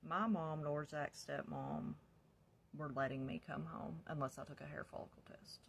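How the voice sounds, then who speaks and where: A woman's voice: low voice, steady tone, moderate pace, creaky, slight background noise. A woman telling her own past in a candid, casual way, sometimes dropping to a whisper. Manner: candid, drops to a whisper when quoting herself, laughs in places. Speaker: storyteller recounting her past. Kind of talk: casual personal storytelling.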